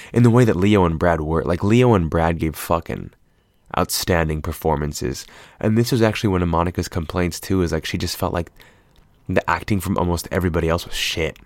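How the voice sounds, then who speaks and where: A man's voice: deep voice, no room sound, clean studio sound. A young adult man talking casually about films in a loose, profane, rambling way. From half Filipino, US-based. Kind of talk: casual film commentary.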